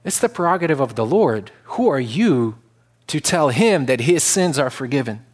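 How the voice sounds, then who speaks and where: A man delivers a sermon to his congregation in a steady, mid-pitched voice. He speaks earnestly, often restarting a phrase, and climbs into loud, emphatic declarations when he drives a point home. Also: normal speed. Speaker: pastor.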